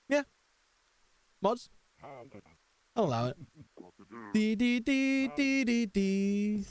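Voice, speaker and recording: A young man streaming a video game, chatting casually and joking, humming and singing along to the music. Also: high voice. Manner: rambling, jokey, hums and sings along to music. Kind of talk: casual gaming livestream chat.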